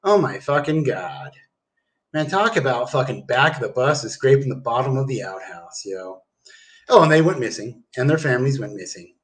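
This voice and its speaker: A man's voice: mid-range voice, lively intonation, normal speed. A man ranting on a livestream, rambling and swearing, tacking "dude" onto his sentences. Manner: rambling, profane, keeps saying dude. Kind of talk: casual livestream rant.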